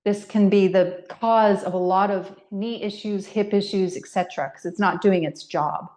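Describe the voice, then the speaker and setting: A woman's voice: mid-range voice, steady tone, normal speed, darkish tone. A middle-aged woman leading a guided workout class, counting reps and giving step-by-step movement cues. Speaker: fitness instructor. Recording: echoey room.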